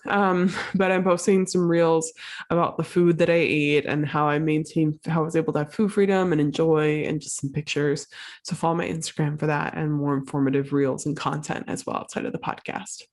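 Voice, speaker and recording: Her low, somewhat mellow voice moves briskly with fairly even intonation as this podcast host talks by herself. She's sick and a touch out of breath, but stays casual and encouraging, leaning on many fillers.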